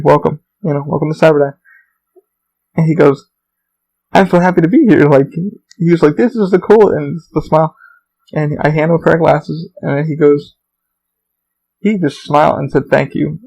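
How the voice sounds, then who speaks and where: A man's voice: fairly high pitch, creaky, a little mellow, rough recording. A man hosting a podcast, telling work stories in a rambling, profane, casual monologue. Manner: profane, storytelling, rambling with restarts. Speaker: podcast host; theme park employee.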